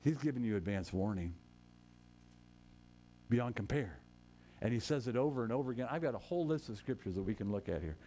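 A man preaching a sermon as a pastor, swinging between loud proclamations and soft, chatty asides, with quick self-corrections. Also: medium pitch, expressive, a little hiss or hum.

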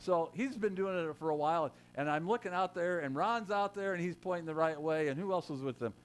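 A man's voice: a little high, a little fast, clean tone. A man preaching a sermon in a conversational way, joking with his congregation and rising to emphatic quotes. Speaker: pastor.

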